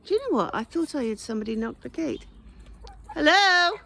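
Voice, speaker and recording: A woman's voice: big pitch swings, fast talker, gravelly, a little mellow, slightly rough. A woman chatting casually to her geese and the camera while working outdoors in a garden, filmed on a phone. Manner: chatty, teasing the geese in a high singsong. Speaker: smallholder vlogger. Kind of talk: casual chat to animals and camera. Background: geese honking.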